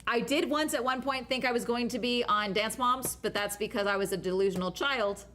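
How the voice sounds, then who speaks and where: A woman's voice: on the high side, brisk, fairly bright tone. A young woman vlogger chatting casually, rambling and giggling with many fillers. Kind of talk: casual chat. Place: at home after a cruise.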